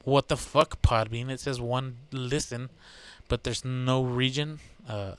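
A man's voice: mid-range voice, fairly even intonation, takes it slowly, fairly bright tone, clean tone, dry recording. A man hosting his own podcast, chatting casually in a loose, rambling way, swearing freely and joking. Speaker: podcast host. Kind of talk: casual solo podcast chat.

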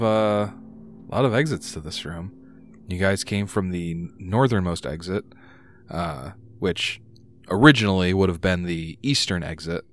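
A man narrating as game master, reading room descriptions with frequent "uh" hesitations. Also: low-pitched.

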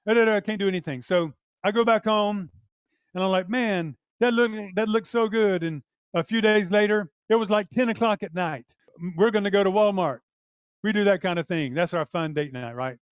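High-voiced older man preaching, animated. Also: clear, resonant tone, dry recording. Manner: animated storyteller, acts out dialogue. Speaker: pastor. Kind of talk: sermon with personal testimony.

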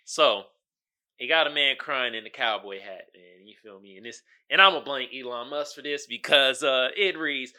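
A man's voice: mid-range voice, pushed and bright. A man hosting his own podcast, talking casually in slangy commentary and often asking "you feel me.". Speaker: podcast host.

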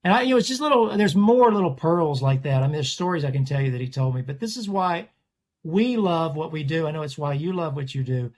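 A man's voice: on the high side, lively intonation, brisk, darkish tone. A man, a portrait artist, chatting casually in an interview and rambling through stories with frequent restarts. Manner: rambling, self-correcting storyteller.

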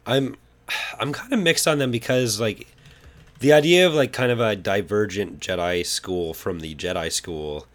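A man with a lowish voice, talking casually as a podcast co-host. He hedges his opinions and leans on fillers. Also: moderate pace. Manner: hedging, filler-heavy talk. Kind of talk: casual chat.

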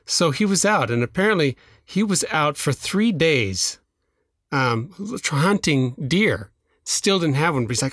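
A man's voice: fairly high pitch, expressive, measured pace, fairly bright tone, no echo, studio quality. A man co-hosting a podcast, retelling a folktale in a rambling, casual way with lots of restarts. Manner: rambling, with restarts, filler and laughs. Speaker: podcast co-host. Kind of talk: casual chat, storytelling.

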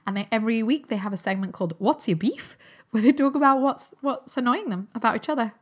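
A woman's voice: on the high side, fast talker, husky. A woman in her thirties, originally from Newcastle, hosting a solo podcast in a chatty, upbeat way and laughing often. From Newcastle, England. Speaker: podcast host and health coach. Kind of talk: casual solo podcast chat.

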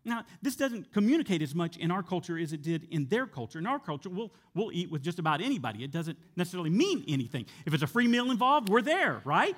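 Man, pastor, sermon, high voice, very expressive pitch, conversational. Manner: animated preaching, dropping soft and slow for emphasis; conversational with fillers and repeated words.

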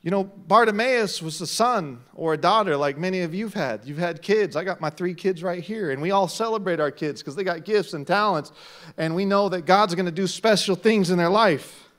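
Male pastor, middle-aged, preaching; high, ringing voice that drops low and climbs to shouts. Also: moderate pace. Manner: preaching, swings from quiet to shouting. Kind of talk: sermon.

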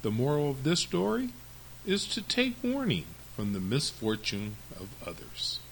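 A man hosting a storytelling podcast, reading fables to children with very expressive, lively narration. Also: medium pitch, measured pace, gravelly, poor audio.

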